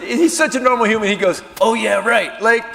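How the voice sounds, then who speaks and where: A man doing stand-up storytelling on stage, animated, swinging between shouting and hushed impressions. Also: sits high, a little fast, creaky, noisy background. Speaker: stand-up comedian. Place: stage in a theater. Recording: live venue with long reverb, faint ambience.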